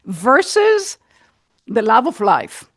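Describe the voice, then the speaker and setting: A woman's voice: a little high, wildly swooping pitch, slow, fairly bright tone, dry recording, studio quality. A woman in the audience making an earnest, emphatic comment, repeating her key words. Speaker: audience member asking a question. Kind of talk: unscripted comment from the floor.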